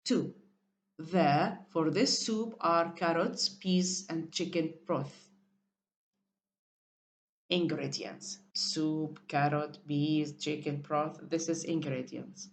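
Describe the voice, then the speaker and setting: A woman's voice: low voice, a little hiss or hum. A woman teaching an English vocabulary lesson, reading definitions aloud and drilling pronunciation.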